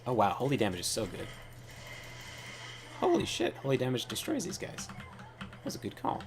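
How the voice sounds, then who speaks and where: A man's voice: mid-range voice, huge pitch swings, moderate pace, music in the background. A man hosting a gaming channel, telling rambling, offhand stories while he plays. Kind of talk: casual gaming commentary.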